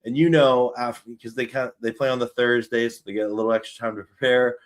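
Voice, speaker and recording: A man's voice: medium pitch, steady tone, fast talker. A Canadian man hosting a sports show, chatting casually and upbeat through his football season predictions. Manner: chatty, upbeat, self-deprecating. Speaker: sports podcast host.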